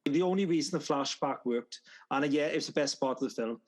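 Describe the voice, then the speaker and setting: Sarcastic man, high voice, film-chat cohost who mocks what he quotes. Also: a little fast. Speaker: film review podcast co-host. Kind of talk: casual film discussion.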